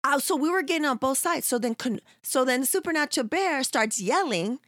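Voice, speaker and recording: A woman's voice: high-pitched, brisk, no echo, clean studio sound. A woman telling a story in casual chat, swearing freely and acting out what others said. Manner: animated, profane, acts out quotes.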